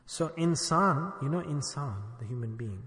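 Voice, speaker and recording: High-voiced male preacher in an echoey hall. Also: expressive, moderate pace, fairly bright tone. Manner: asks the listeners questions, acts out dialogue. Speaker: sufi shaykh preacher. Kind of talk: sermon.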